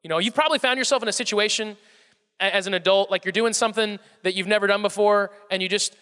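Young male storyteller, high and bright, self-mocking and animated, heard in a reverberant hall. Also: fast talker, clear, resonant tone. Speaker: speaker addressing a live audience. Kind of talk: comic storytelling talk.

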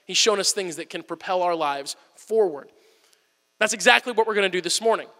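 A man in his thirties, a pastor giving an animated, storytelling sermon to his church. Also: sits high, fairly quick. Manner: animated storytelling, acts out whisper-yelling. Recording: long hall reverb.

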